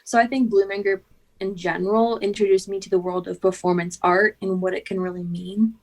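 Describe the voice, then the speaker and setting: A woman's voice: medium pitch, fairly even intonation, a little fast. A young woman guest chatting casually and eagerly, with lots of filler words. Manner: bubbly, chatty, lots of ums and likes. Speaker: guest fan. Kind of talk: casual video call chat.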